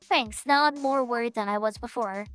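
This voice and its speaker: A woman's voice: fairly high pitch, normal speed, a bit bright, faint music behind, close to an everyday voice. A woman reading a fretful young lawyer. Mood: worried. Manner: worried, wry. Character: nervous young male defense lawyer.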